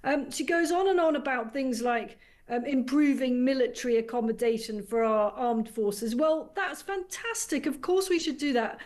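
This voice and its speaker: A woman, a radio station's international editor, giving brisk and sharply critical political commentary as a studio guest. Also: high voice, a little mellow.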